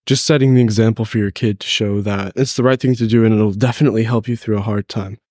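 A man's voice: fairly low pitch, fairly even intonation, fast talker, darkish tone, no echo, clean studio sound. Congested teenage boy, thoughtful. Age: teens. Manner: thoughtful, hesitant. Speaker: guest, host's son. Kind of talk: casual faith podcast conversation.

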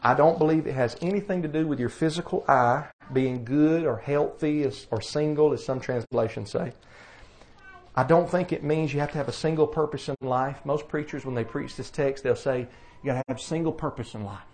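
A man's voice: on the high side, moderate pace, a little mellow. A man with a Southern US accent preaching a sermon in a folksy, plainspoken way, asking rhetorical questions. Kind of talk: sermon teaching.

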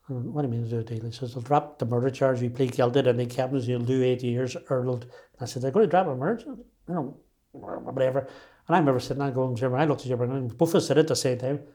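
Derry man in his sixties, mellow. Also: mid-range voice, fairly even intonation, fast. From Northern Ireland. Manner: emphatic, frequent restarts. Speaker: interviewee. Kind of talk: personal storytelling.

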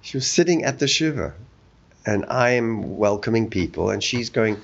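A man teaching a Torah text in a study discussion, telling stories with animated acted-out voices. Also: fairly low pitch, moderate pace, gravelly. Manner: animated storytelling, acts out quoted voices. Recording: dull lo-fi recording.

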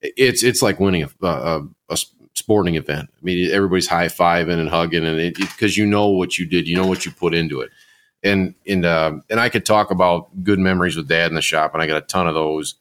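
A man who once taught welding, talking earnestly with halting restarts. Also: deep voice, a bit bright. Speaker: former welding teacher. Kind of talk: reflective conversation.

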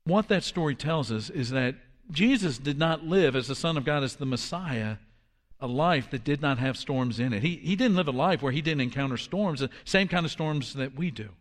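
Pastor, male, fifties, somewhat high-pitched, animated sermon storyteller. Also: in a large hall. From Washington, D.C. area. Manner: storytelling, animated with drops to a hush for quoted lines.

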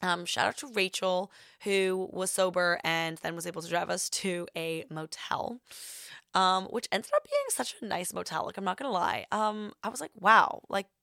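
A woman's voice: on the low side, normal speed, gravelly, fairly bright tone, dry recording, studio quality. A young woman hosting a podcast who tells a rambling, casual story, full of filler words. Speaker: podcast host.

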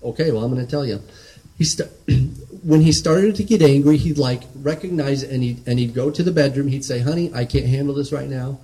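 A man's voice: medium pitch, normal speed, warm tone, low-quality recording. A man preaching a sermon in an earnest, conversational way, often restarting and checking in with "right?".

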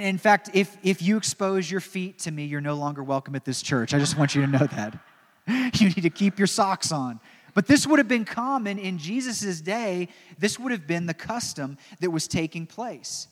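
A man preaching a sermon, telling the story dramatically, dropping into soft, slow passages and adding joking asides. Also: on the high side. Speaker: pastor. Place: church. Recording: long church reverb.

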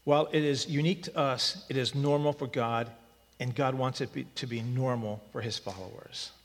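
A man's voice: mid-range voice, fairly even intonation, normal speed. A man preaching a sermon as pastor, conversational and then emphatic with repeated short lines. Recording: long reverb of a hall.

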